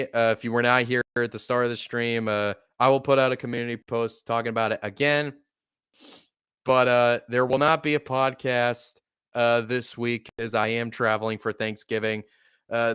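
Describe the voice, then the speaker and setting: Smooth-voiced profane fan commentator. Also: male voice, medium pitch. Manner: excitable, profane, shouting when upset. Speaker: sports podcast host. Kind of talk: live play-by-play fan commentary.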